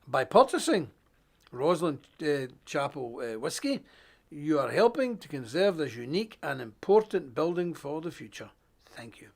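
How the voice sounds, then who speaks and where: A man hosting a live stream, preaching casually in a jokey, animated way, with loud emphasis and quiet asides. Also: a little high, moderate pace, creaky.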